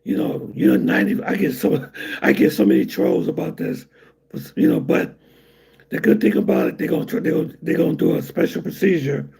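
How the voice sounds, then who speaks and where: A man hosting a casual livestream, answering chat in a weak, raspy, breathy voice, rambling with many fillers. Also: fairly high pitch, darkish tone. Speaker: livestream host reading chat.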